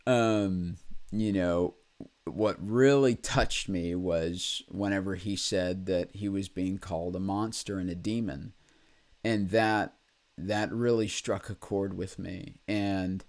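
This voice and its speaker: A man hosting his own video, telling a personal story in a halting, candid way, with many pauses, fillers and blunt swearing. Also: low voice, darkish tone. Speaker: vlog host. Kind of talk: personal confessional monologue.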